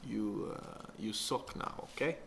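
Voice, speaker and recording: A man's voice: fairly low pitch, unhurried, creaky, very noisy. A man putting on a menacing mock-Russian castaway. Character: menacing, crude castaway man on a desert island.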